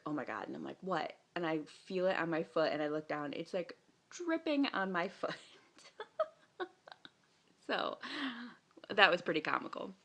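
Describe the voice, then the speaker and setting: Gravelly-voiced woman telling a story. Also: sits low. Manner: chatty, lots of fillers and laughs. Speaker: vlogger. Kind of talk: casual storytelling.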